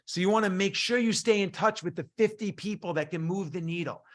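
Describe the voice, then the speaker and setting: A middle-aged man leads an online business coaching session. His voice sits a little high, and he tells stories in a punchy, animated way, acting out the back-and-forth of each scene. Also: fairly quick. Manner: storytelling, punchy and animated, acts out dialogue.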